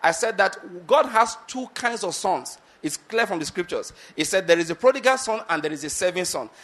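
A man with a fairly high voice delivers a sermon, retelling a Bible story. He keeps checking that his listeners follow, asking again and again whether they are getting his point. He speaks the characters' lines himself, slowing down for emphasis. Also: expressive, fairly bright tone. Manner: repeatedly asks the audience if they get the point; acts out Bible characters' lines with shifts in pace. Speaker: preacher.

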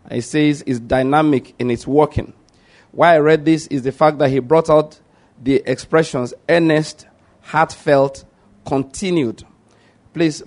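Man, sermon, fairly high voice, teaching tone, repeats key points. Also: darkish tone. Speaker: preacher.

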